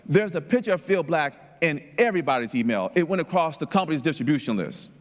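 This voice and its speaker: A man's voice: on the high side, big pitch swings, fast. A man voicing an easygoing female coworker who speaks plainly, in a hall with long reverb. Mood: amused.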